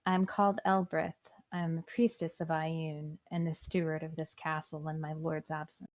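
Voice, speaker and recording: A woman's voice: sits low, flat delivery, normal speed, a little mellow, no echo, natural voice. A woman voicing a composed priestess who keeps a castle, speaking formally and politely.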